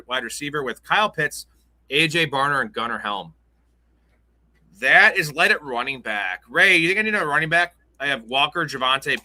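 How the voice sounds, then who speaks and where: A man's voice: mid-range voice, bright, forceful tone. A young man hosting a casual live-stream show, joking and rambling through loose banter. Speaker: host.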